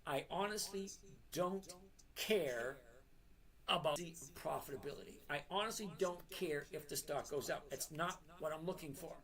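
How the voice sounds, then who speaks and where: A middle-aged man hosting a trading live stream speaks directly to his viewers in a blunt, emphatic way, his voice a little high with a fairly bright tone. He repeats key points and deliberately slows down so they sink in, blending lecture with casual chat.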